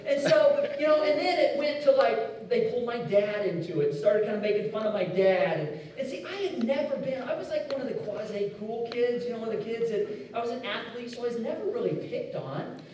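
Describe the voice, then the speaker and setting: A middle-aged man from Indiana, preaching a sermon with animated storytelling and repeated words. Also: very high-pitched, brisk, slight background noise. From Indiana, USA. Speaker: pastor. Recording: echoey hall, distant mic.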